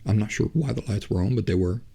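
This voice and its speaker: A man's voice: on the low side, quick pace, vocal fry, dark tone, breathy edge. A man hosting a podcast, telling a story in a loose, chatty, conversational way. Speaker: podcast host. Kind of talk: casual spoken storytelling.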